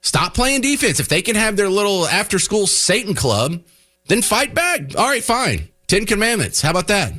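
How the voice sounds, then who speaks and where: Combative talk radio host. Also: male voice, sing-song, moderate pace, sharp tone. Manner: combative, emphatic, swings pitch up to punch points. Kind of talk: opinionated talk radio monologue.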